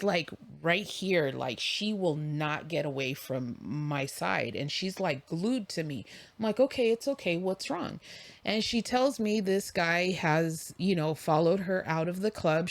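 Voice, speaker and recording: A woman co-hosting a casual talk show, telling a story and acting out the dialogue. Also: lowish voice. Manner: animated, acts out quoted dialogue. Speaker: podcast co-host.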